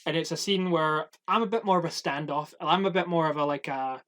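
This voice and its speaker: Young man, podcast co-host, slightly higher voice, animated storytelling, acts out what people said. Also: a little fast. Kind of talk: casual chat, storytelling.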